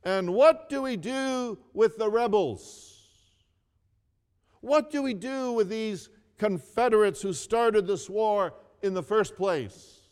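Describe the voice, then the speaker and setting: Brief: preacher as a shouting senator, demanding, raised pitch, reverberant hall. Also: male voice, slow pace, clean tone. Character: angry shouting man, a senator in a crowd.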